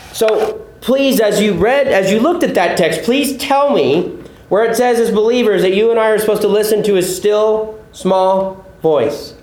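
A man's voice: high voice, a little mellow, roomy sound, low-quality recording. A male pastor teaching a sermon, explaining a text step by step, repeating key points and putting questions to his listeners.

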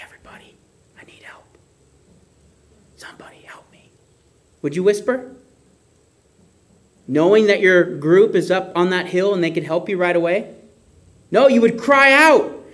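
Guy preaching, pretty high voice, gets really expressive. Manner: expressive, acts out shouts and whispers. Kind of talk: sermon.

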